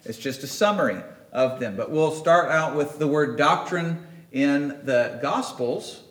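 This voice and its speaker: A man's voice: fairly high pitch, a little slow, a bit bright. A man preaching a sermon in a church, talking conversationally and checking in with the congregation. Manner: conversational, emphatic, asks the audience questions. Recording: roomy church echo.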